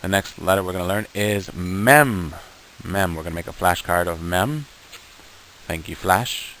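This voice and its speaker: A man teaching beginners, patient and slow, sounding out each syllable and repeating words for the learner to copy. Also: sits low, a bit bright, slight background noise, low-quality recording. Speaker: Hebrew teacher. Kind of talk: beginner language lesson.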